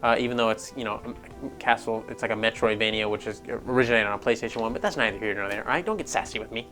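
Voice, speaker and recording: Profane, excitable man ranting about games. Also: fairly low pitch, fast, soft background music. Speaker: gaming news host. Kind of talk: casual ranting commentary.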